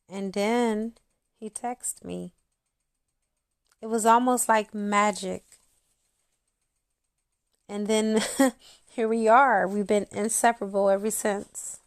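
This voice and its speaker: A woman's voice: medium pitch, fairly even intonation, takes it slowly, long pauses, clear, resonant tone, no room sound, clean studio sound. A woman in her thirties, a spiritual channel host, talking intimately to her viewers and acting out quotes as she tells a story. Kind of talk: casual monologue to viewers.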